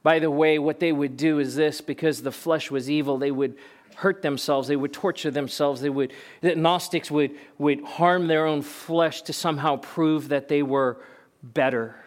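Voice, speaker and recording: A man's voice: fairly high pitch, fairly even intonation, normal speed. A male pastor preaching a sermon in an emphatic, conversational way, asking rhetorical questions.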